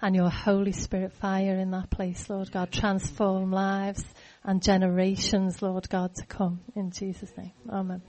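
A woman's voice: mid-range voice, completely flat delivery, unhurried, few pauses, darkish tone. A woman praying aloud at a church meeting, repeating phrases earnestly. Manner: earnest, repetitive prayer phrasing. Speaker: church member. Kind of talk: spoken prayer.

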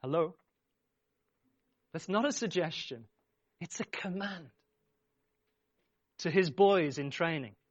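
A man's voice: fairly high pitch, slow, long pauses, dry recording, lo-fi sound. A man preaching a sermon, speaking emphatically, repeating his phrases and urging the congregation on. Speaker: pastor.

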